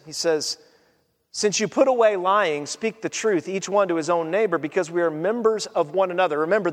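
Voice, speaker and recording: A man preaching a sermon as pastor, animated, often acting out quotes and voices. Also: high voice, big-room sound.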